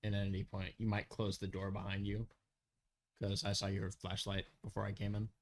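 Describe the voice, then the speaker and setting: A man playing a wary, laid-back former professional snoop, talking in a relaxed, casual, lightly joking way. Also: on the low side, normal speed, slight background noise, lightly acted.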